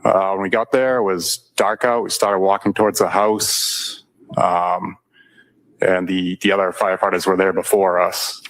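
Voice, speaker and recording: A man, a firefighter, testifying in court with hesitant, short answers and many pauses. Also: deep voice, flat delivery, rough recording. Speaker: firefighter witness. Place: courtroom witness stand.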